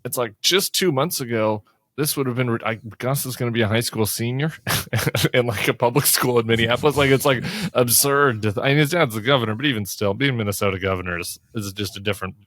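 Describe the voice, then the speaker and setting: A man in his forties hosting a podcast, chatting casually in an upbeat way with lots of filler "like" and sudden lifts when animated. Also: medium pitch, fast, no echo. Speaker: podcast host. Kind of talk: casual political chat.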